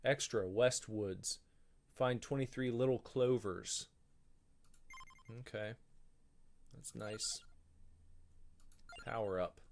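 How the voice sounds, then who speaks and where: A man streams a video game and talks through it in a loose, rambling way, thinking aloud and grumbling about choices he dislikes. His voice sits at an ordinary middle pitch for a man. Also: slow, gravelly, pauses often, slight background noise. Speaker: gaming streamer. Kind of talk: casual gameplay commentary.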